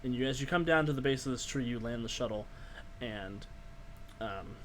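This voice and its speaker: A man narrating a tabletop game as game master, relaxed and hesitant, with many ums. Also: mid-range voice, moderate pace, a little hiss or hum.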